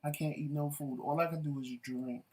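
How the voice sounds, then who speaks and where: A man hosting a casual home talk show, chatty and animated and quick to laugh. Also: a little high. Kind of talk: casual chat.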